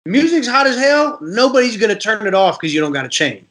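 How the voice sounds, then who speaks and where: Speaking a little fast in a high-sitting voice, a Detroit rapper recounts stories during a relaxed podcast interview. He's an animated storyteller who slips into the voices of the people he describes.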